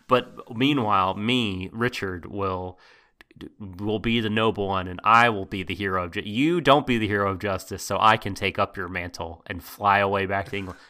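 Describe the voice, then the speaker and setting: A man's voice: lowish voice, moderate pace, sharp tone. A man co-hosting a casual podcast, ranting animatedly with swearing and voice jumps when exasperated. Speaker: podcast co-host. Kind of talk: casual anime discussion podcast.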